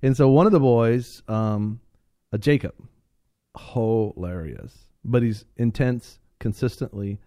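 A man on a talk radio show telling a funny story in a casual, animated way, laughing often and repeating phrases for emphasis. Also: mid-range voice, takes it slowly, no room sound, clean studio sound.

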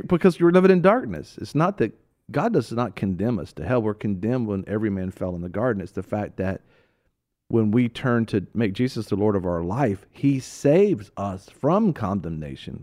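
A man co-hosting a Christian talk show, teaching in casual chat as an animated storyteller who laughs often. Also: fairly low pitch.

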